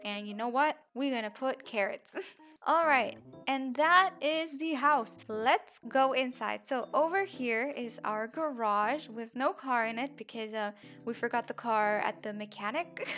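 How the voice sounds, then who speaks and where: Chatty woman with a bright, high voice. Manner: chatty, upbeat, giggly. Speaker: game builder vlogger. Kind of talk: casual game commentary.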